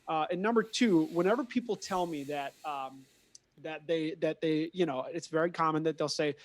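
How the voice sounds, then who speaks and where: A man's voice: on the high side, normal speed. A man from Minneapolis, a guest audio technician, chatting in an interview, telling stories with many restarts and repeated words. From Minneapolis, USA. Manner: lively storyteller who acts out quoted dialogue; frequent word repetitions and restarts. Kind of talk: conversational interview.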